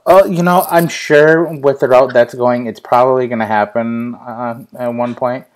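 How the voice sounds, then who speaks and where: A man's voice: mid-range voice, steady tone, normal speed, smooth. A young man hosting a casual live show, telling a funny family story with plenty of swearing and laughter. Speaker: host.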